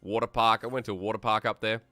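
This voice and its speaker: An Australian man solo-casting an esports match, excitable and chatty, thinking aloud and reading viewer comments between plays. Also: lowish voice, fast. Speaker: esports caster. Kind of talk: solo play-by-play commentary and chat. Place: New South Wales.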